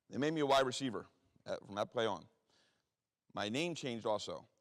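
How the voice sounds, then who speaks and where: This is a man in his forties, originally from Philadelphia, speaking as a guest and telling stories in fast, foul-mouthed, blunt street talk with an East Coast accent. His mid-range voice comes across animated and fairly bright, echoing through a reverberant hall.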